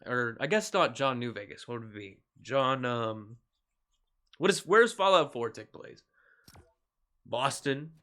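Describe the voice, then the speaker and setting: Here a male streamer jokes his way through a shooter game, swearing without restraint, laughing often, and yelping when things shift suddenly. His pitch is medium, his pace measured, and he leaves long pauses.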